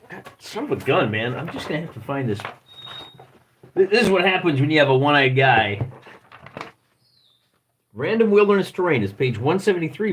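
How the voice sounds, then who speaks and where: A man's voice: mid-range voice, slight background noise. A man from Michigan with a Midwestern accent hosting a live stream, thinking aloud and joking at his own expense as he flips through a rulebook. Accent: Midwestern American. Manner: rambling, self-deprecating, thinks aloud while searching pages. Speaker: livestream host.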